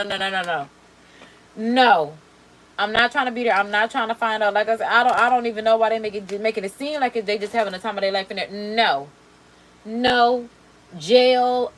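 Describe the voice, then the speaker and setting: A woman in a casual beauty vlog talks through her makeup as she goes. Her voice sits in a middle pitch and stays animated and slangy, stacking repeated words for emphasis. Faint ambient noise hums behind her. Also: poor audio. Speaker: beauty vlogger. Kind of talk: casual chat while doing makeup.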